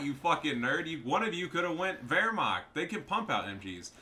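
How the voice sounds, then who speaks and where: Cussing gamer guy narrating his match, bright voice, bouncy pitch. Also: sing-song, moderate pace, hardly any pauses, a little hiss or hum. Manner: swearing, trash-talking. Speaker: gameplay commentator. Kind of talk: profane gameplay commentary.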